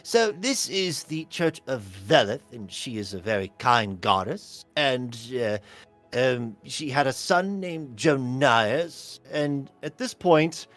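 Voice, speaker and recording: A man's voice: mid-range voice, animated, slow, fairly bright tone, faint music behind. A man narrating as game master of a tabletop game, chatty, with laughing asides.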